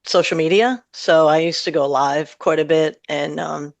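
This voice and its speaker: A woman's voice: deep voice, steady tone, moderate pace, creaky, dry recording, dull audio. A middle-aged woman, a singer-songwriter, chatting casually and laughing often as an interview guest. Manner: chatty and warm, laughs often, rambles with fillers.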